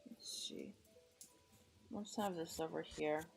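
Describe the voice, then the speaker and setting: A woman's voice: sits low, takes it slowly, gravelly, slightly rough, soft background music. A woman from the United States streaming live, chatting casually while she draws, rambling and self-deprecating, muttering to herself and greeting her chat in a friendly way.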